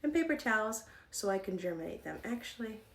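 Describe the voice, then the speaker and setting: A woman's voice: mid-range voice, animated, a little fast, very noisy. A woman streaming live from home, chatting casually to herself and her viewers while gardening, a little out of breath and swearing now and then. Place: home indoors.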